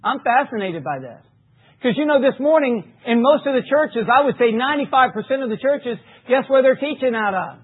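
A man preaching a sermon, reading scripture emphatically and dropping low for asides. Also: animated, a little fast, breathy edge. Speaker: pastor. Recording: tinny phone-like recording.

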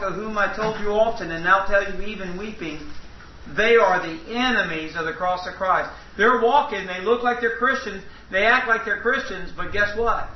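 A man's voice: sits high, a little hiss or hum. A man teaching a Bible study to a small group in a folksy, emphatic way, joking with his listeners. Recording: echoey room, distant mic, dull lo-fi.

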